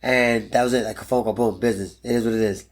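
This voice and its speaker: Guy in his 30s, fighter telling his story, blunt and animated, cusses a lot. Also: medium pitch, quick pace. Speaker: podcast guest, pro MMA fighter. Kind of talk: storytelling interview.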